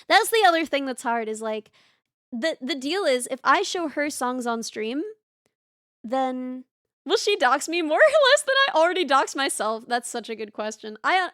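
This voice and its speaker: Young woman streamer rambling away, high bright voice, dry close mic. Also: dry recording. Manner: rambling, chatty, frequent restarts and laughs. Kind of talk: casual chat reading live chat.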